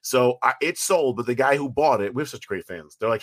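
A man's voice: medium pitch, fairly quick, no room sound, studio quality. Profane, rambling man telling stories. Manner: rambling, profane, animated storytelling with restarts. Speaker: writer and producer of a fan film, guest. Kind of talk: casual podcast interview.

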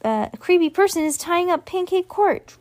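A woman's voice: very high voice, lively intonation, normal speed, a little mellow, pitched above the performer's own voice. A woman reading aloud, voicing a jittery, nervous young boy.

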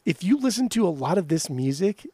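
Animated, profane man ranting on a podcast. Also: high voice, fairly quick, breathy edge, no echo. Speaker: podcast co-host. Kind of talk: casual music podcast chat.

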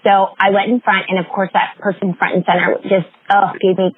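A woman fitness executive, a guest in an interview, telling stories with lively acted-out quotes. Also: medium pitch, moderate pace, breathy edge. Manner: animated storyteller, acts out quoted voices. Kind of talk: interview storytelling. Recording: dry, phone-like lo-fi audio.

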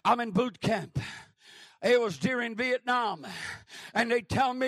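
Gravelly high-voiced older preacher. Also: male voice, a little slow, long pauses, dry recording, clean studio sound. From New Mexico. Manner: shouted emphasis, frequent amens. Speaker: pastor. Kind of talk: sermon.

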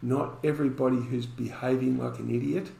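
A man's voice: mid-range voice, fairly even intonation, fairly quick, gravelly, dark tone, echoey room, low-quality recording. A man, a podcast guest telling a story and acting out the dialogue in it.

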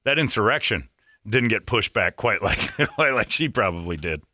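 Sarcastic, lively-voiced radio host. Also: male voice, lowish voice, moderate pace, no echo, studio quality. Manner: sarcastic, joking, reads sponsor plugs. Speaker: morning radio show host. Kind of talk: casual morning radio banter. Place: radio studio.

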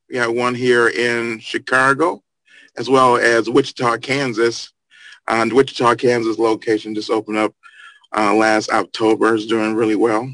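A man's voice: medium pitch, fairly bright tone, no room sound, poor audio. Easygoing man with a dry, close sound. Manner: easygoing, filler-heavy. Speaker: guest, events company owner. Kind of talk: casual call-in chat.

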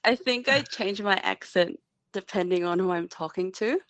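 A woman's voice: mid-range voice, normal speed, fairly bright tone, dry recording. A woman in her twenties with a New Zealand accent, calling in to a podcast, hesitant with frequent ums and nervous laughs. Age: 20s. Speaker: caller. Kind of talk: phone-in call to a podcast.

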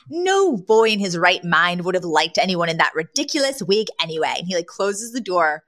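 Lively woman co-hosting a chat. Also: on the low side, moderate pace, hardly any pauses. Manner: animated, acts out scenes with laughter. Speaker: podcast co-host. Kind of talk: casual recap chat.

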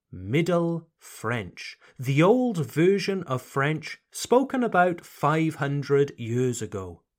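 A man with a fairly high-pitched voice teaches English pronunciation on a podcast. He speaks slowly, deliberately over-articulating, and mixes in short French phrases.

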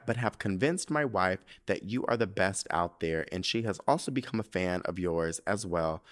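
A young man with a low-pitched voice hosts a podcast in a loose, camp, expletive-peppered chat. His voice swings widely up and down as he tells stories and reads a listener's letter, often near tears. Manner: animated, camp, swears freely, gets emotional while reading. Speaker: podcast host.

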